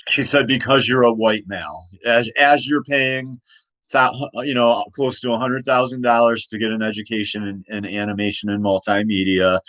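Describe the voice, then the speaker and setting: A man's voice: fairly low pitch, a bit bright, no echo, poor audio. A man talking casually about his own comic, rambling with many restarts and laughs. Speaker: comic creator.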